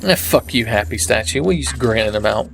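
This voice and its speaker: A man's voice: on the low side, brisk, gravelly, a bit bright. A young man giving sarcastic, profane commentary while playing a video game. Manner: sarcastic, swears freely. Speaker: let's play commentator. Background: game music.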